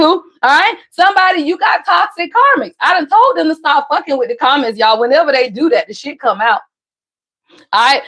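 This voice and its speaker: Loud, profane high-voiced woman reader. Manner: blunt, profane, repeats "y'all" constantly; sudden jumps between loud emphasis and low asides. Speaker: spiritual reader on a live stream. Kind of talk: live tarot reading stream.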